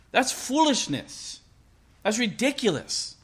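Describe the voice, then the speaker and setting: Male pastor, middle-aged, bright ringing voice, slightly high, chatty sermon delivery, laughs easily. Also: animated, unhurried. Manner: conversational, storytelling, laughs often.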